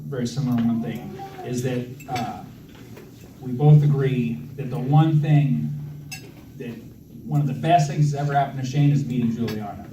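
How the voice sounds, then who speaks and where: A man in his thirties gives his brother's wedding toast in a medium-pitched voice at a moderate pace, with a little hiss or hum on the audio. Self-deprecating jokes mix with frequent fillers and restarts. The reception hall sounds echoey and distant, with a loud crowd around him.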